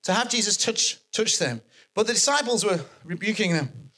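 Man, sermon, emphatic, repetitive, very expressive intonation. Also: high voice, normal speed. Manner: animated, emphatic repetition of phrases. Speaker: preacher.

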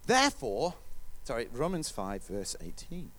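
Lively, animated male preacher. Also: mid-range voice, a little slow. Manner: lively, conversational, acts out listeners' voices. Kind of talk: sermon.

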